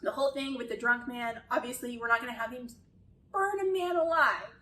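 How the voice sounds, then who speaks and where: A woman's voice: on the high side, a little fast, pushed and bright, reverberant, far from the mic, rough recording. A woman chatting casually through a critique of a show, exasperated at times and swearing freely. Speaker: video essayist.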